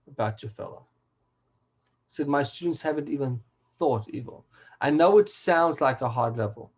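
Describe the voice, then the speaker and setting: A man's voice: on the high side, a little mellow, rough recording. A man, a rabbi, giving a weekly Torah class over a video call, earnest and emphatic and sprinkling in Hebrew terms.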